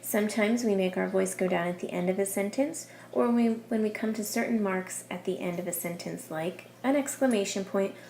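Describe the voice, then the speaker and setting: A woman teaching children to read aloud, speaking clearly and patiently and giving encouraging feedback. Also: medium pitch, brisk, few pauses, a little mellow. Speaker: reading teacher. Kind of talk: instructional coaching and voice-over.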